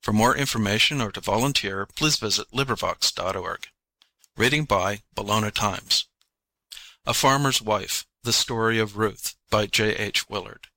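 A man's voice: on the low side, normal speed, sharp tone, no echo, rough recording. A man reading a volunteer audiobook introduction in a plain, announcing way.

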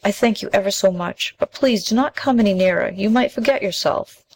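A woman's voice: mid-range voice, brisk, creaky, low-quality recording. A woman voicing a kind, practical young village girl who speaks earnestly and politely in a storybook reading.

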